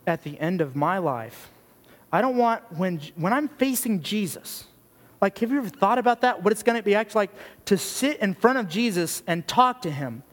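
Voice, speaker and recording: Blunt high-voiced youth pastor preaching. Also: male voice, a bit bright. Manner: blunt, earnest and conversational, with many "like"s. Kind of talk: sermon. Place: church youth gathering hall. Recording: long hall reverb.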